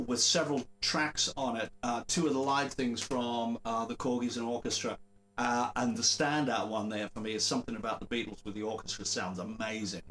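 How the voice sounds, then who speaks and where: A man hosting a casual live-stream chat, relaxed and rambling with fillers and chuckles. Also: medium pitch. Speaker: host.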